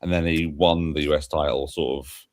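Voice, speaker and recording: A man's voice: extremely low pitch, steady tone, moderate pace. A man co-hosting a podcast in casual chat, hedging and hesitant, with many fillers, heard through a video call mic. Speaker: podcast co-host.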